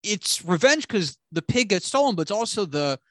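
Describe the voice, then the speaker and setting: Animated, rambling man reviewing a movie. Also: high-pitched, moderate pace, no room sound. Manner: rambling, profane, animated retelling. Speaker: podcast co-host. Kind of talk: casual movie review chat.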